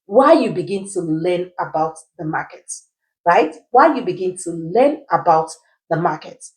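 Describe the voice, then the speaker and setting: Woman finance teacher, lower register, quizzes her audience and answers herself. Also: expressive, measured pace, poor audio. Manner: teacherly, poses rhetorical questions and answers them; keeps checking in with "right?". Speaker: personal finance educator. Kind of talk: explainer video.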